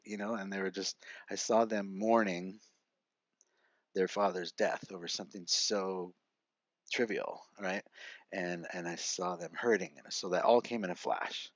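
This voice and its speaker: A man's voice: sits low, fairly even intonation, a little slow, dry recording. A middle-aged man, a podcast guest, earnestly telling a personal story with frequent "right?" asides. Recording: dry, slightly muffled lo-fi audio.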